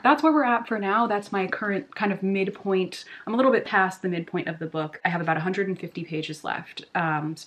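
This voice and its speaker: A woman talking to camera in a casual book reaction vlog, chatty and expressive. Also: lowish voice. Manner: chatty and expressive, with lots of fillers. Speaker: book vlogger.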